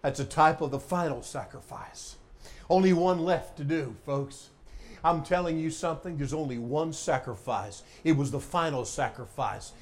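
Dramatic high-voiced male preacher. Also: moderate pace. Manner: dramatic, swings between loud exclaiming and hushed emphasis. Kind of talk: sermon.

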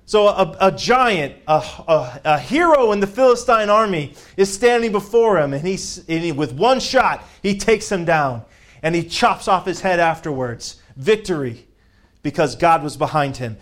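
A man delivers a sermon in a voice pitched somewhat high for a man. He reads scripture aloud with emphasis, lifting his voice on the key phrases. He often repeats words as he builds toward a point. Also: lively intonation, normal speed. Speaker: preacher.

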